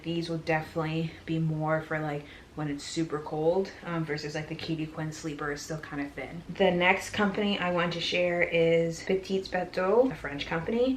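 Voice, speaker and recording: Chatty low-voiced woman, echoey room. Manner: chatty, upbeat, gushing. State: pregnant, a bit out of breath. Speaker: vlogger. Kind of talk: casual haul chat. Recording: echoey room with faint noise.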